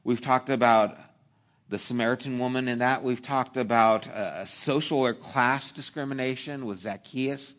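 A man preaches in a middle-pitched voice, weaving a lively childhood story into his sermon. He tells it with humor and breaks off for playful asides to the congregation. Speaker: pastor.

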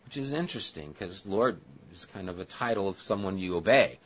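A man's voice: deep voice, expressive, brisk, a little hiss or hum. Casual-sounding male pastor, dull lo-fi audio. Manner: casual and chatty, with asides to the listeners. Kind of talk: conversational Bible-study sermon.

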